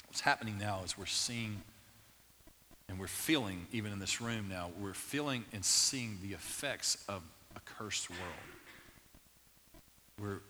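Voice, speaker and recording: A man preaching a sermon as a pastor, animated and conversational, with quick asides to the congregation. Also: on the low side, slight background noise. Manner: animated, playful asides early, turning quiet and earnest. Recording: reverberant hall.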